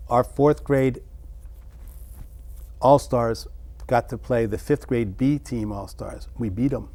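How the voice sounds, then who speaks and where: Musing middle-aged man, halting. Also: lowish voice, mellow. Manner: musing, halting, with many restarts. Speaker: interview guest. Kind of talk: reflective personal storytelling.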